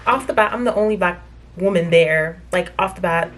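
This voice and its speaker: A woman's voice: lowish voice, normal speed. A young woman from the United States telling a travel story to her vlog audience in a chatty, filler-heavy way, recounting conversations with indignation, speaking from a hotel room. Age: young adult. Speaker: vlogger. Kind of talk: casual storytelling to camera.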